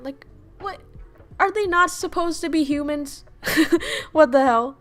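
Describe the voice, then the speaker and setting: A woman's voice: high-pitched, slow, fairly bright tone. A woman streaming casual chat as a VTuber, ranting bluntly with lots of swearing, laughing and answering chat messages.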